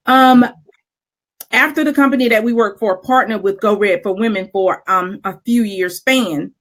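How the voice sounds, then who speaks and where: In a casual chat, a middle-aged woman tells a personal story, candid and animated, with lots of fillers and laughter. Her voice is medium in pitch.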